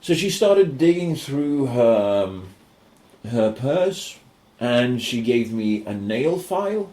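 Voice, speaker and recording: A man's voice: mid-range voice, slow pace, reverberant. A man co-hosting a podcast, telling a story in casual chat, swearing often and acting out what people said. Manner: animated, swearing, acts out quoted voices. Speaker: podcast co-host.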